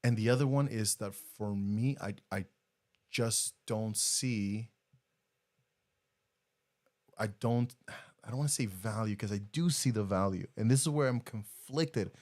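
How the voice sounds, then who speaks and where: A middle-aged man co-hosting a casual podcast, talking earnestly with halting restarts and repeated words. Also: on the low side, a little mellow. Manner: earnest, halting, repeats words, laughs when getting emotional. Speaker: podcast co-host.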